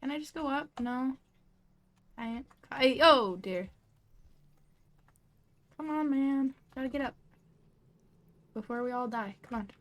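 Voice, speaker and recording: A young woman talks her way through a video game in a relaxed, unhurried way. Her voice sits slightly high, and she's easily spooked, yelping and apologizing to the creatures around her. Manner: chatty, easily startled, squeals and apologizes to creatures. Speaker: gamer. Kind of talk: casual let's-play commentary.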